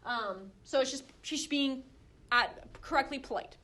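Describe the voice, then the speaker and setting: A young woman with a slightly high voice leads a relaxed Bible study. She talks in a chatty, animated way, full of fillers and restarts, and acts out the quotes as she goes. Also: a little slow. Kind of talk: casual Bible study teaching.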